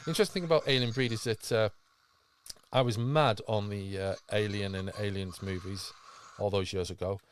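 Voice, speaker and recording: A man's voice: on the low side, fairly even intonation, normal speed, a little hiss or hum. A man hosting a podcast, talking with enthusiasm and rambling through fillers and restarts. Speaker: podcast host. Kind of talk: casual podcast chat.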